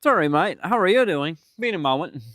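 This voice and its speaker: A man's voice: high voice, lively intonation, fairly quick, fairly bright tone, no room sound, studio quality. A man live-streaming, muttering to himself as he fishes and chatting casually with his viewers. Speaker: livestreamer.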